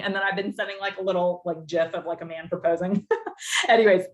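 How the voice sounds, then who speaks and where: A young woman leading her sales team over a video call. She talks in an animated, rambling way and says "like" often. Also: on the low side, brisk. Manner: animated and rambling, heavy use of "like". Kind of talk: casual coaching talk.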